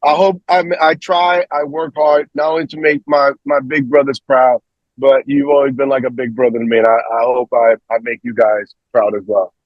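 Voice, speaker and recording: A comedian chatting with an old friend as a guest, talking in an emphatic, affectionate way with punchy repetition. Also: male voice, mid-range voice, flat delivery, moderate pace, dry recording, highs cut off. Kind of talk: casual chat between old friends.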